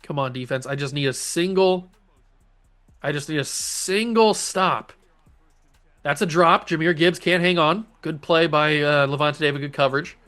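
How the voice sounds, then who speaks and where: A man hosting a gaming channel, giving casual, animated let's-play commentary as he pleads with his players and cheers their plays. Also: fairly high pitch, fairly quick, few pauses, soft background music.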